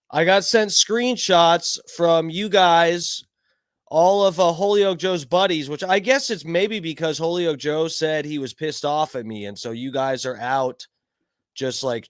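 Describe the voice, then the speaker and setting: A man hosting his own live stream, rambling casually with plenty of swearing and shout-outs to chatters by name. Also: fairly high pitch, clean tone, no room sound, clean studio sound. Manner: rambling, profane, greets chat by name. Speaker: livestream host.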